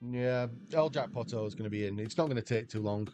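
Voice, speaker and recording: A man's voice: mid-range voice, brisk, over music. English man rambling to his stream chat. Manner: rambling banter, answers chat questions aloud. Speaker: slot livestreamer. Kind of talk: casual chat with stream viewers.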